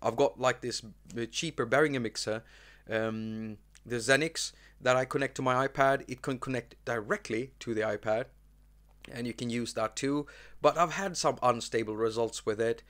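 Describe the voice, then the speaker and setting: A man's voice: medium pitch, normal speed, a bit bright. Rambling man hosting a live stream. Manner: rambling, many fillers and restarts. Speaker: host. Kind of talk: casual live-stream chat.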